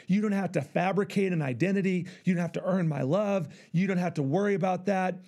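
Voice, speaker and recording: Man, pastor, sermon, fairly high pitch, animated, acts out dialogue. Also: fairly quick.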